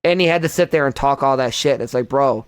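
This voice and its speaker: A young man hosting a podcast in casual chat, ranting in an animated, profane way. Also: medium pitch, fast talker, smooth, no echo. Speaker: podcast host.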